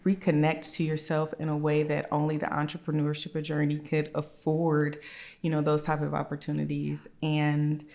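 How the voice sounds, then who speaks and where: A woman with a deep, gravelly voice hosts an interview. She asks her guests reflective, searching questions in an unhurried, conversational way. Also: completely flat delivery, a little mellow. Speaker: podcast host.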